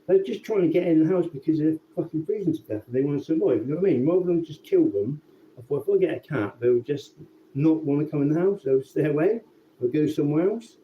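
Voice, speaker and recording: A man telling a rambling, sweary story in a casual, relaxed way. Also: a little high, fast. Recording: tinny phone-like sound with faint background noise.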